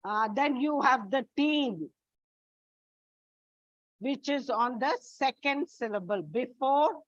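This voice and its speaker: Female English teacher, high voice, slow and deliberate delivery, dull lo-fi recording. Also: expressive, dry recording. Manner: slow, deliberate, addresses students as children. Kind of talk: classroom lesson.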